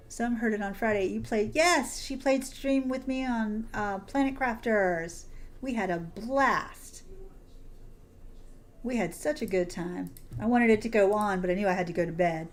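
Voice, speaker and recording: A woman's voice: medium pitch, unhurried, a little hiss or hum. Affectionate chatty woman streamer. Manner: affectionate, chatty, greets viewers with endearments. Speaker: game streamer. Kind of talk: casual livestream chat while playing.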